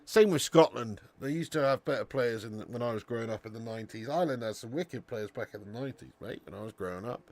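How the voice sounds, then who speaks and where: A man's voice: mid-range voice, quick pace, few pauses, darkish tone. A man, hosting a football watch-along live stream. He is sweary and full of banter, and he talks straight to his viewers. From Birmingham area, England.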